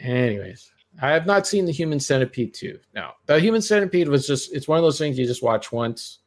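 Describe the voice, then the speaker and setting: A man's voice: on the high side, very animated, fairly quick. Opinionated man in casual podcast chat. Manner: opinionated, rambling. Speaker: podcast host.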